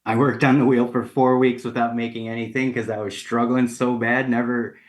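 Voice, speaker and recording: A man's voice: medium pitch, brisk. A man, a ceramic artist and guest on a radio interview, telling a casual story, acting out the lines of the people in it, with plenty of fillers. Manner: casual and animated, acts out quoted dialogue, many fillers.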